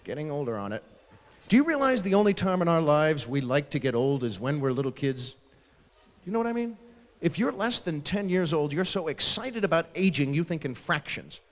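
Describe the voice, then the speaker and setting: Brief: male stand-up comic, lively and high-ish delivery, acts out family bits, long ballroom reverb. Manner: animated, acting out family members in quick asides. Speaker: stand-up comedian. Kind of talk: stand-up routine. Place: large ballroom stage at a live fundraiser.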